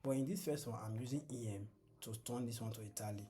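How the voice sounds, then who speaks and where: A man's voice: medium pitch, fast talker, mellow, a little hiss or hum. A man giving a screen-share coding lesson, patient and repetitive, often asking the class "what?" and then answering himself. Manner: asks the class fill-in questions and answers them himself. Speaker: coding tutor. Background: background music.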